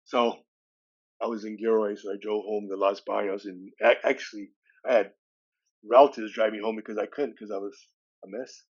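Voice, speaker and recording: A man in his sixties, a podcast guest from California, telling a personal story with animated delivery. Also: on the low side, moderate pace, lo-fi sound. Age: 60s. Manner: animated storyteller who acts out dialogue with shifting voices.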